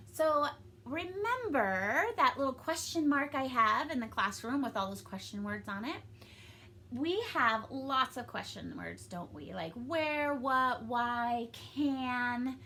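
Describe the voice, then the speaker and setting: Young woman teacher, remote lesson for kids, sing-song, high voice, faint hiss behind. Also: measured pace. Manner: upbeat, encouraging, sing-song with excited peaks. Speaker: elementary school teacher. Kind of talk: recorded reading lesson for young pupils.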